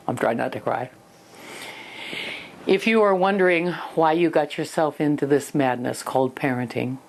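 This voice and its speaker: Low-voiced older woman teaching parents. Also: a little mellow. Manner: earnest storytelling, acts out scenes. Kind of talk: parenting lesson with personal stories.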